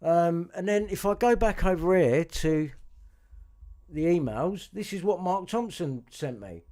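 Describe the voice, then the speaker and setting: A man with a fairly high voice talks straight at his audience, frustrated and coarse. He swears freely and keeps repeating points as he pushes through his grievances. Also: lively intonation, measured pace, mellow. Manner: agitated and profane, repeating himself. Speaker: vlogger. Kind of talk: angry monologue to camera.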